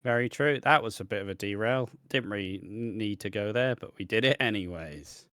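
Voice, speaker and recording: A man talks wrestling with a podcast co-host in loose, profane, laughing chat. His voice is bright and forceful, recorded dry and close with no room sound. He rambles from point to point. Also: lowish voice, brisk, no room sound. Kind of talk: casual wrestling review chat.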